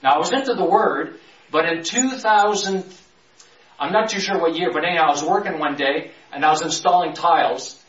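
A man teaching from the Bible in a conversational preaching style, slowly stretching key words and rushing through his asides. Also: fairly high pitch, a bit bright. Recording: roomy, distant, dull sound.

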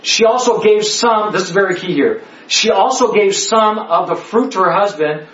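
A man with a high voice leads a Bible study, hammering on key words and asking "okay?" again and again. He sounds echoey and set back from the mic, in a dull, lo-fi recording. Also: expressive, normal speed, fairly bright tone, recorded from a distance. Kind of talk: Bible study teaching to a small group. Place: indoor room with a listening group.

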